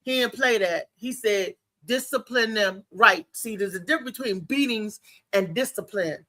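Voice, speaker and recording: A woman hosting a casual talk show, telling animated family stories with frequent laughter. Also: mid-range voice, moderate pace. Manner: animated storytelling, laughs often. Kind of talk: casual chat.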